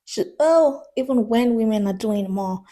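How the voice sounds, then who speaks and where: A young woman talks through her thoughts on books in a relaxed, chatty vlog, now and then breaking into a laugh. Her voice is soft and mellow rather than bright, with a slight sick heaviness to it. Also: fairly high pitch, unhurried. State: sick, a bit congested. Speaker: book vlogger. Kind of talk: casual vlog commentary.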